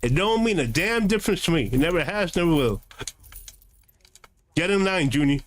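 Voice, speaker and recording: A man's voice: on the high side, animated, moderate pace, a little hiss or hum. A man streaming a game, answering his live chat in a combative, sarcastic, lecturing way.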